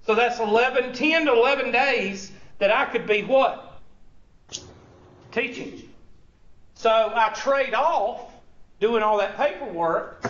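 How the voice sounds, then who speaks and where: High-voiced man lecturing, echoey. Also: slow pace, pauses often, a bit bright, distant mic, slight background noise. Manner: teasing, sarcastic, full of rhetorical questions. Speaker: college instructor. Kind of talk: classroom lecture. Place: large classroom. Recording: dull, echoey classroom recording from afar.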